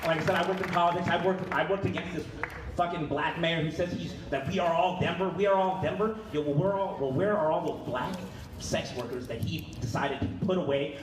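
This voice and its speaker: Angry man shouting at a rally. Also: on the high side, brisk, noisy background. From Wyoming, USA. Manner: angry, profane, rising to shouts. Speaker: protest speaker. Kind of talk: impassioned rally speech. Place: outdoor street protest. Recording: echoey outdoor PA from far off, loud crowd.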